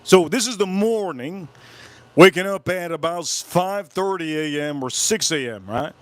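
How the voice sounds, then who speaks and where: Live host, male, slightly high voice, retelling a creepy experience in an animated, repetitive way. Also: unhurried, no echo. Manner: animated, repetitive, keeps breaking off about goosebumps. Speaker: whiskey channel host. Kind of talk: casual livestream storytelling. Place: home, live stream.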